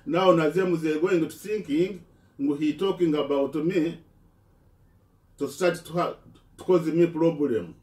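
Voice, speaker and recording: Man, halting impassioned speech, mellow tone, distant echoey recording. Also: on the high side. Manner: halting, repeats words and restarts.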